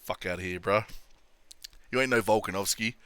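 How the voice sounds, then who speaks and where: Man, blunt sweary vlog host, bright forceful voice, dry close sound. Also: lowish voice, normal speed, clean tone, dry recording. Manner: blunt, sweary, laughs often. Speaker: MMA commentary channel host. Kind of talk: casual opinion vlog.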